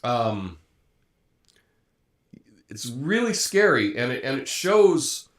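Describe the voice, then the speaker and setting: A man's voice: mid-range voice, very animated, takes it slowly. A man hosting a live commentary show, talking through the news in a conversational way, with frequent fillers and restarts. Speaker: host.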